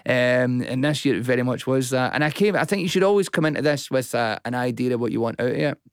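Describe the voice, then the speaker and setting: A man's voice: medium pitch, fast talker, clear, resonant tone, dry recording, studio quality. A man, a stand-up comedian, chatting in an interview and acting out the quotes in his stories. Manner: animated storyteller, acts out quotes. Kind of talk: casual interview chat.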